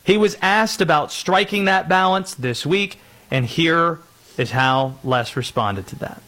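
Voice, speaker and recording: A man hosting a sports show, introducing segments in a steady, measured way. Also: on the high side. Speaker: host.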